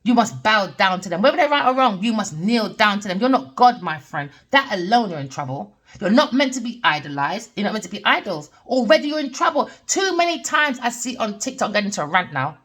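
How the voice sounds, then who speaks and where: A woman's voice: mid-range voice, lively intonation, fast talker, a bit bright, husky. A middle-aged woman, a tarot reader delivering a heated, blunt personal rant with swearing. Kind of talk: ranting personal monologue.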